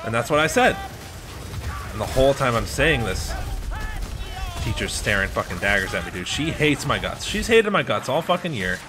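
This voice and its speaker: A man's voice: medium pitch, very animated, normal speed, pauses often. A man from the United States telling a rambling, heavily profane story while he plays a game. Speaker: gaming channel host. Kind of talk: casual storytelling over gameplay.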